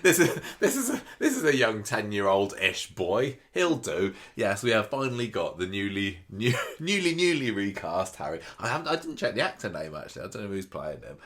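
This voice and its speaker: Deep-voiced man co-hosting a casual chat. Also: fairly quick, few pauses. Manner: relaxed, chuckling, tangential. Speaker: podcast co-host. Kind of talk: casual chat about a soap opera.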